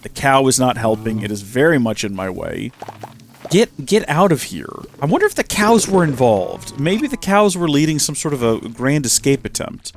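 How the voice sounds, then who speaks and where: A chatty young man narrating his gameplay, swinging up and down through a lively, animated pitch. He mocks himself, scolds the creatures on screen and talks to the folks at home in an easy, playful way. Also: normal speed, slight background noise. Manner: chatty, self-mocking, talks to his bees and the viewers. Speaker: Minecraft let's-play host. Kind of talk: casual gameplay commentary.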